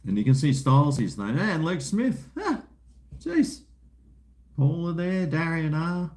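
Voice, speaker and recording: A man's voice: on the high side, very animated, takes it slowly, a little mellow. A man with an Australian accent hosting a casual livestream, rambling in a laid-back way, reading out viewer messages, with crude slang and chuckles. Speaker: livestream host. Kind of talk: casual livestream chat while drinking.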